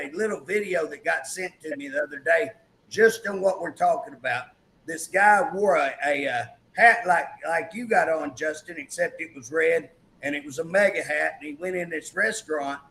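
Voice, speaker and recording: High, bright-voiced emphatic male host. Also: normal speed, gravelly, slight background noise, low-quality recording. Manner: emphatic, repetitive storyteller acting out quotes. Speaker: talk show host. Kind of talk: political talk show chat.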